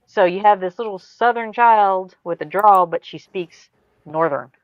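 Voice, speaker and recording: A woman's voice: medium pitch, a little slow, no room sound, dull audio. A middle-aged woman with an Ohio accent, telling stories in a wry, matter-of-fact way during a casual chat.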